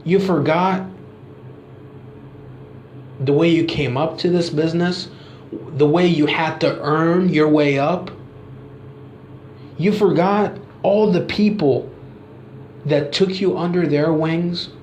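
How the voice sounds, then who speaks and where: A man's voice: a little high, slow pace, long pauses, a little mellow, echoey room, a little hiss or hum. A man doing an indignant wrestler calling out his boss. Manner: accusing string of rhetorical questions.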